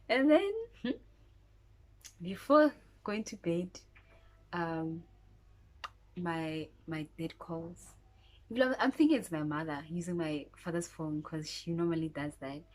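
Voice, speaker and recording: This is a South African woman with a low-ish voice telling a personal story on her vlog. She talks slowly and casually, slipping into whispered asides as she goes. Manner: chatty, drops into whispered asides. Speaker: YouTuber.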